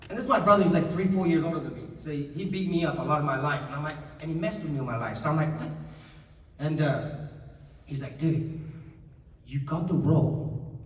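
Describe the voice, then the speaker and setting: A man, telling lively anecdotes as a convention panel guest, laughing often and acting out what people said. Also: a little high, fast talker. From New Zealand. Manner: animated, laughs often, acts out quotes. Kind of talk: storytelling anecdotes to an audience. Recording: roomy hall, distant mic, faint noise.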